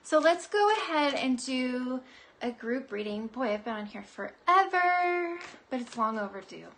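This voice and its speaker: A woman's voice: sits high, lively intonation, measured pace, fairly bright tone, a little hiss or hum. A woman psychic giving a live-streamed oracle card reading, bubbly and giggly in a chatty way. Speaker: psychic reader.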